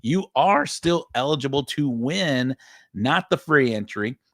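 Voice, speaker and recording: A man hosting a livestream show, chatting casually and reading out viewer shout-outs. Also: mid-range voice, lively intonation, no room sound. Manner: reads out viewer names in quick shout-outs.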